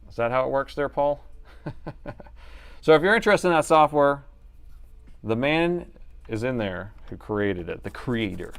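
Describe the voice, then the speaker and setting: A man's voice: medium pitch, animated, a little slow, pauses often, clean tone. A man hosting a live stream, chatting casually and explaining each step of a repair while joking with viewers. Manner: chatty, explains steps while working, jokes with chat. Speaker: livestream repair host.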